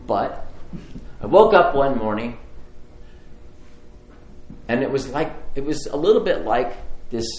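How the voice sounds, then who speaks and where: A man telling a personal story in a sermon with lively, rising storytelling, then leading a slow prayer. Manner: animated storytelling, climbing high in pitch when excited. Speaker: pastor. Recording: echoey room.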